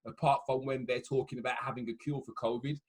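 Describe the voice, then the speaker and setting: A man's voice: medium pitch, steady tone, fast, breathy edge. A man with a Birmingham accent, co-hosting a podcast, rambling with many ums. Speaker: podcast co-host. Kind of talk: casual chat.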